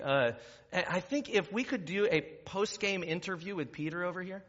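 Speaking at a moderate pace in a high, somewhat bright voice, a man preaches as pastor, moving from conversational talk into emphatic preaching. The recording, made in a reverberant church hall in the sanctuary, sounds muffled.

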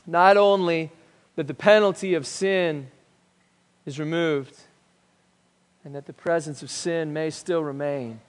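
A male pastor preaching a sermon, swinging between loud emphatic declarations and hushed, quiet lines. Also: a little high, measured pace. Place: church sanctuary. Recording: long reverb of a church hall.

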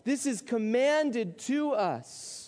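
A man with a notably high voice preaches to his congregation, driving his points home with repeated questions and emphasis. His words ring out with a long reverb trailing behind them in the church hall. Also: animated, extremely slow, a little mellow. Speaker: pastor. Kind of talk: sermon. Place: church sanctuary.

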